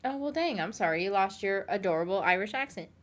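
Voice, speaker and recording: A woman's voice: mid-range voice, lively intonation, quick pace, fairly bright tone. A woman streaming from her home office, chatting casually and answering her chat in a rambling way.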